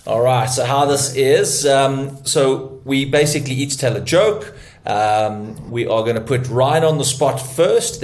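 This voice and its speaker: Slow-talking jokey man co-host. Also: medium pitch, darkish tone. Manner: jokey, laughs often. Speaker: podcast co-host. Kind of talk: casual banter.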